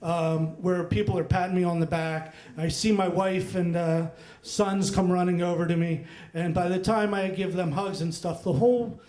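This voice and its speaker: High-voiced middle-aged man telling a story. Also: normal speed, echoey room. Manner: animated, laughing, full of asides and fillers. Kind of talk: live personal storytelling. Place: stage at a live story event.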